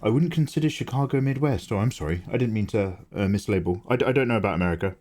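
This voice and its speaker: A man's voice: on the low side, expressive, rapid-fire, a little mellow. Chatty man streaming live. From England. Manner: rambling, chatty, reads chat aloud and answers with laughs. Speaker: livestreaming artist. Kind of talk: casual livestream chat.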